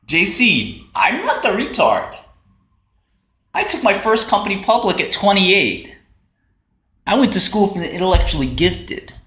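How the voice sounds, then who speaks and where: A man's voice: high-pitched, very animated, a little slow, long pauses, pushed and bright. A man hosting a casual livestream, ranting in a brash, profane, mocking way. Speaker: livestream host. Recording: roomy echo, faint typing.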